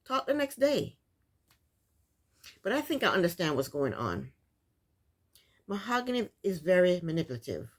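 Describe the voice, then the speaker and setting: A woman vlogger recapping a reality TV episode in casual, opinionated commentary, exasperated and loose, with frequent restarts. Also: mid-range voice. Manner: loose, full of restarts and fillers.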